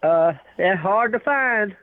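A woman's voice: mid-range voice, animated, slow pace. A woman answering a call, polite and a little confused, laughing along. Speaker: prank call recipient. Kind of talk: phone conversation. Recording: tinny phone line.

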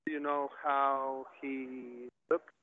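A man working at a restaurant answering the phone, polite and hesitant, with halting phrasing. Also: mid-range voice, level tone. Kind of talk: phone conversation. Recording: tinny phone line with faint hiss.

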